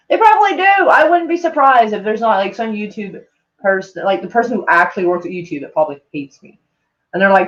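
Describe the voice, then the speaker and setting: Woman, streamer, casual chat, rambling, swears, self-mocking, mid pitch, lo-fi muffled sound. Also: big pitch swings, fast. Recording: dull lo-fi sound.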